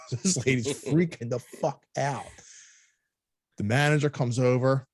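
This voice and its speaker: A man's voice: medium pitch, measured pace, slightly rough. A man telling a casual story on a podcast, swearing freely, laughing often and acting out the voices of the people in it. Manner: profane, laughing, acts out quoted voices. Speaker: podcast co-host.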